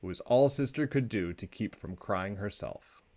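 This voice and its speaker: Expressive low-voiced man reading a storybook. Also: moderate pace. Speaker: children's book reader. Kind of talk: storybook read-aloud.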